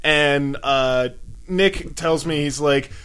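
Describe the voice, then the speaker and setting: A man's voice: on the high side, slow, fairly bright tone, smooth. A man co-hosting a casual podcast, retelling a film scene with lots of swearing and acted-out quotes. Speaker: podcast co-host. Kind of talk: casual movie chat.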